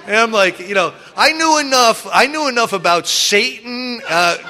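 A middle-aged man in recovery telling stories from his drinking past in a casual, animated way, acting out other people loudly and restarting his sentences often. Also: extremely high pitch, normal speed, a little hiss or hum. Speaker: recovering alcoholic sharing his story. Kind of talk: casual storytelling talk.

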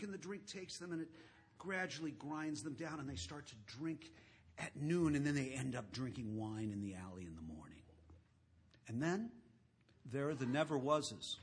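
A man speaking to an audience about his drinking, telling wry stories in a conversational way that swells to loud emphasis. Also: on the high side, husky. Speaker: recovery speaker. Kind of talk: storytelling talk to an audience.

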